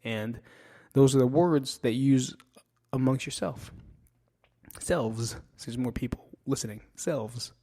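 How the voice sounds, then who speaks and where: A man's voice: medium pitch, fairly even intonation, a little slow, warm tone. A middle-aged man hosting a casual monologue, joking and swearing as he mocks himself. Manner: profane, joking, self-mocking. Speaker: podcast host.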